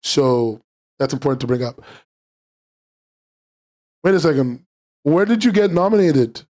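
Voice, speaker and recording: A male podcast host chatting on a live stream in a slightly high voice. He rambles, curses freely and gets worked up quickly while answering his chat. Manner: excitable, profane and rambling, reacting to chat. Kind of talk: casual livestream chat.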